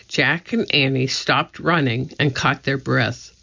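Slow, gravelly audiobook narrator. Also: medium pitch, highs cut off. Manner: steady, clear storytelling. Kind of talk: children's book read aloud.

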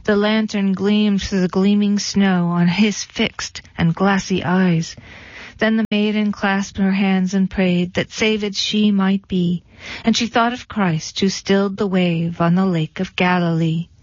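A woman reading poetry aloud in a measured, rhythmic recitation. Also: medium pitch, fairly even intonation, a little mellow, no room sound. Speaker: reader. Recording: dull lo-fi dry recording.

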